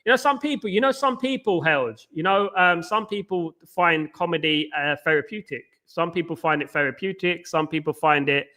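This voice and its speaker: A man rambles casually to his live-stream viewers, full of fillers and restarts. His voice sits fairly high and sounds bright and tense. He talks straight to the audience as a football watchalong host. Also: moderate pace, few pauses. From England.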